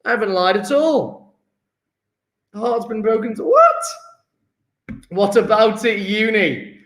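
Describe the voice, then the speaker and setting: Man, chemistry teacher, high voice, slow unhurried delivery, rambling and jokey, echoey room. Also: steady tone. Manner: rambling, joking, self-deprecating. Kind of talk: live online lesson answering chat.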